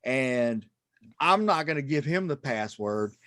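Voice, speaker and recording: A man doing a stand-up comedy set on a club stage, self-deprecating and halting, with many ums and restarts. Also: medium pitch, lively intonation, fairly bright tone, dry recording, studio quality.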